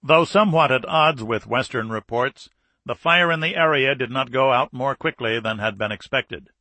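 A man narrating an audiobook thriller in a measured, scripted reading. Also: mid-range voice, bright, forceful tone, no room sound.

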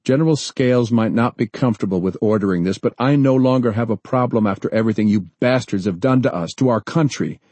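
A man's voice: mid-range voice, fast talker, hardly any pauses, breathy edge, no room sound, voice pushed up, lightly acted. A man reading aloud, voicing a resolute citizen leader who speaks firmly and issues threats. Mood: threatening. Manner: firm, forceful, threatening.

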